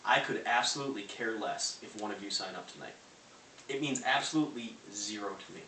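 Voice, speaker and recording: Brisk and sharp-toned, this young man's fairly low voice drives a brash sales presentation for network marketing, firing rhetorical questions at a live crowd. The setting is a large room in a house, captured in a distant, roomy recording with a faint hiss.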